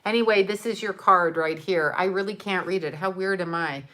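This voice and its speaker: In a fairly low, somewhat bright voice at a normal speed, a middle-aged woman talks to her viewers on camera. She opens their gifts one by one, showing and thanking them in a loose, rambling chat packed with fillers.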